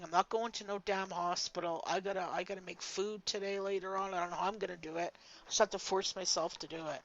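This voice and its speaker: A woman's voice: mid-range voice, a bit bright, dull audio. An older woman telling a personal story in a vlog, blunt and emphatic, swearing freely. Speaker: vlogger.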